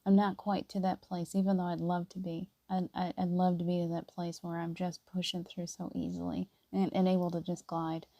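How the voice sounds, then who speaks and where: A middle-aged woman speaks softly and earnestly to her live-stream viewers, greeting them by name as she goes. Her voice sits low and mellow with a flat, steady melody. The recording is dry and close. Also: fairly quick, gravelly, few pauses, no room sound. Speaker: spiritual live-stream host. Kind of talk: casual spiritual live-stream talk.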